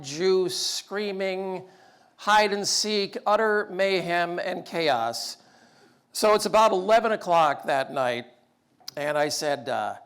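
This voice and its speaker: A man's voice: high voice, clean tone. A middle-aged man giving a humorous storytelling talk, acting out dialogue in a raised voice. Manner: animated, acts out dialogue in raised voice. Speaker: speaker telling stories.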